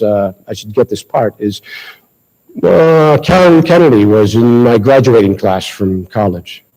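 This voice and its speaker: A middle-aged Massachusetts man with a Boston accent gives a speech at a school ceremony, telling a lively, anecdotal story at his own expense. His voice is medium-pitched and moderately paced, picked up by a handheld mic in a low-quality recording.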